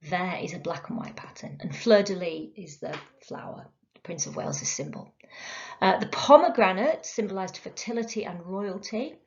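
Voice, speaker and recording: A woman's voice: mid-range voice, normal speed. A woman teaching a recorded literature lesson, explaining step by step with frequent ums and uhs. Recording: dull lo-fi recording.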